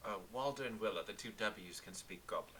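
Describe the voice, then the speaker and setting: A man's voice: lowish voice, brisk, pushed and bright, a little hiss or hum. A man playing a tabletop game and chatting playfully with the others. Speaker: player. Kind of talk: casual tabletop game chat.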